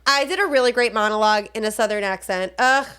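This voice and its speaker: A woman's voice: a little high, fast talker, sharp tone, smooth. A woman with a Long Island accent co-hosting a podcast, chatting casually about a film with lots of fillers. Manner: chatty, full of fillers, does voices. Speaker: podcast co-host. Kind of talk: casual film review chat.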